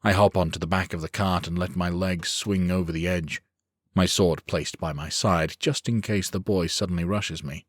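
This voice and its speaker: A man reading a first-person fantasy audiobook in a measured, steady storytelling manner. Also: deep voice, dry recording, clean studio sound. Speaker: audiobook narrator.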